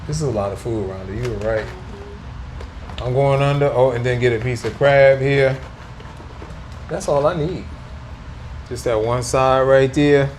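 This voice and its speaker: A man's voice: medium pitch, a little slow, long pauses, darkish tone, a little hiss or hum. A man hosting a casual food vlog, playful and teasing as he talks to viewers at home. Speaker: food vlogger. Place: indoors at home.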